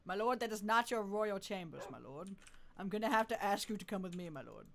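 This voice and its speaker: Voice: medium pitch, lively intonation, brisk, vocal fry, fairly bright tone. A streamer giving live gameplay commentary, playfully talking with mock deference and often laughing.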